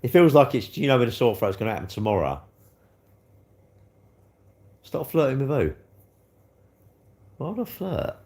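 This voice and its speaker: A man chatting casually with viewers on a livestream, bantering as he reads comments, his throat a little hoarse. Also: medium pitch, very animated, normal speed, pauses often, dark tone. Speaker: livestream host.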